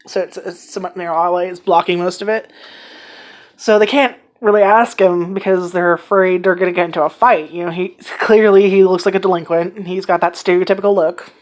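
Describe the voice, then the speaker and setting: A woman giving a casual, rambling anime review, excitedly retelling scenes and swearing freely. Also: lowish voice, a little fast.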